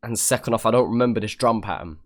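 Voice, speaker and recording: British man with a low voice reacting to music. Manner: chatty, pauses the track to comment, jumps up in pitch when excited. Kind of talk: casual reaction commentary. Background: the reviewed track playing faintly.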